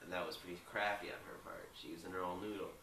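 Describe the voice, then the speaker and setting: A man's voice: low voice, fairly even intonation, quick pace, bright, forceful tone, roomy sound, recorded from a distance, slight background noise, low-quality recording. A young man loosely retelling a movie plot, rambling with lots of filler words. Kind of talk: rambling casual movie recap.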